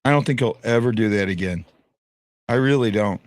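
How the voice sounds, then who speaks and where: A man's voice: lowish voice, brisk, dry recording, clean studio sound. A man hosting a fan podcast, chatting casually and rambling with lots of restarts and fillers. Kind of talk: casual live-stream chat.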